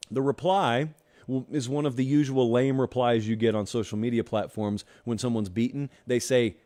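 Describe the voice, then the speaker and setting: Animated man hosting a sports talk show. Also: mid-range voice, normal speed. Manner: animated, sarcastic, talks straight to viewers. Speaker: host.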